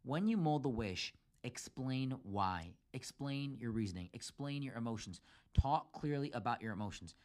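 A man's voice: mid-range voice, expressive, normal speed, a little mellow. A man hosting a solo podcast, giving relationship advice in numbered steps and acting out quoted arguments in a raised, emphatic voice.

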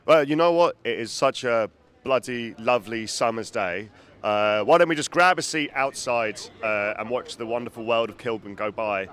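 A man's voice: mid-range voice, normal speed, fairly bright tone. A man hosting a podcast, chatting and asking friendly questions in a casual outdoor interview. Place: outdoors on a street.

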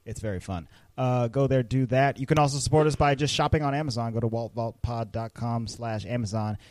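A man's voice: medium pitch, brisk, a little mellow, no echo. A man co-hosting a podcast, running through the show's plugs in an upbeat, joking way. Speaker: podcast co-host. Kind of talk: casual chat and show plugs.

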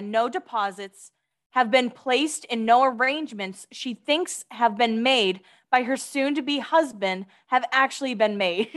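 Young woman, kinda high voice, giggly, chatty podcast cohost. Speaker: podcast co-host reading blind items. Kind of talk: casual chat.

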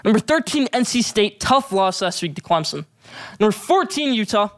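A man's voice: high-pitched, very animated, normal speed, a bit bright, dry recording. A man hosting a sports show, giving emphatic, opinionated picks and hot takes.

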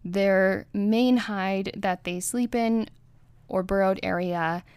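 A woman's voice: mid-range voice, steady tone, slow, a little mellow, clean tone, no room sound. A woman hosting her own podcast about pet care, talking in a chatty, upbeat way with small restarts. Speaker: podcast host. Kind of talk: casual solo podcast talk.

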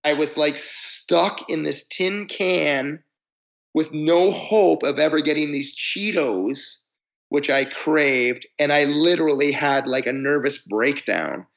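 A man with a gravelly, rough-edged voice tells long, rambling stories about touring life. He restarts his sentences often, on a somewhat muffled, lo-fi recording. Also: a little high, takes it slowly, a bit bright. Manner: rambling, self-interrupting storyteller. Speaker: musician guest. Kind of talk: casual storytelling interview.

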